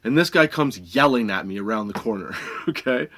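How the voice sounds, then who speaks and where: A man's voice: fairly low pitch, animated, moderate pace, fairly bright tone. A male podcast host telling a comic story, swearing freely and laughing between lines.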